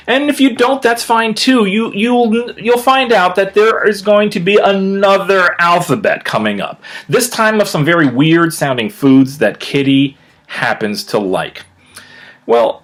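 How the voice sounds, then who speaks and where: A man, a children's author, reading his own picture book aloud to young listeners, stretching words for emphasis and stopping to explain words in a chatty way. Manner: animated storyteller with big pitch swings and drawn-out emphasis.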